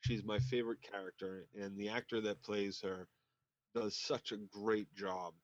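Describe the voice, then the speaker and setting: A man's voice: lowish voice, fairly even intonation, unhurried, no room sound. A man co-hosting a casual podcast recap, enthusiastic and repeating words as he gets going. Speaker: podcast co-host. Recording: dry, dull lo-fi mic.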